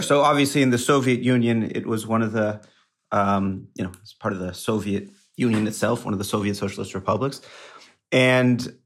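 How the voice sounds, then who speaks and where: A male journalist guest on a podcast, explaining at a measured pace. His voice is mid-pitched and he leans on the odd filler as he lays out his points. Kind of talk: explanatory interview answers.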